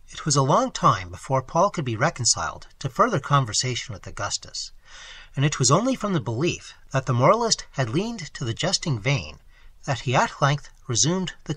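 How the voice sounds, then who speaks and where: A man reading a classic novel aloud as an audiobook narrator, in measured storytelling that lightly voices the characters. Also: medium pitch, sharp tone, husky, no echo. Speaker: audiobook reader.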